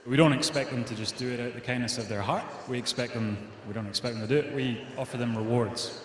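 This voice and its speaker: A man explaining his startup on stage after winning, brisk with short fillers. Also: mid-range voice, steady tone, slight background noise. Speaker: startup founder accepting award. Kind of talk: pitch explanation. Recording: echoey hall, crowd behind.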